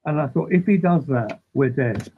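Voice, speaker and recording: Gravelly man rambling on a tinny line. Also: medium pitch, moderate pace, a little hiss or hum. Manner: rambling, self-interrupting, animated anecdotes. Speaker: interview guest. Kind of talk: casual storytelling.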